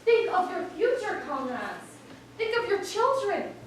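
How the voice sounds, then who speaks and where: A woman's voice: very high-pitched, sing-song, unhurried, slight background noise, heavily acted. A teenage girl on a school stage playing an idealistic pig leader, earnest and persuasive. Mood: rousing. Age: teens. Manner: eager, persuasive speechmaking. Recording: echoey hall, mic far off.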